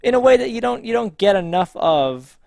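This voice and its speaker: A man co-hosting a casual TV review chat, lively and argumentative and free with swearing. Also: very high-pitched, fairly quick, creaky, no echo, clean studio sound. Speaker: podcast co-host.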